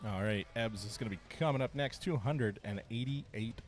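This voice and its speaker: Male play-by-play commentator, mid pitch, lively cheering, music in the gym. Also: moderate pace. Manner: excited, cheering lifters on. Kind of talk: live sports commentary. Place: strength competition gym. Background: music playing.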